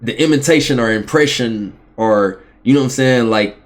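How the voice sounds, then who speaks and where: A man's voice: mid-range voice, moderate pace. A man in casual podcast chat, rambling and searching for his words as he asks questions. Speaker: podcast host.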